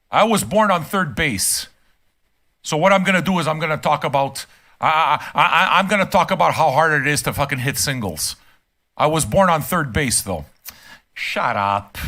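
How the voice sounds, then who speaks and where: Heated, high-voiced older man ranting. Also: sharp tone. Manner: profane, emphatic and heated. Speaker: streamer reacting to music. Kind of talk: casual ranting commentary. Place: home room.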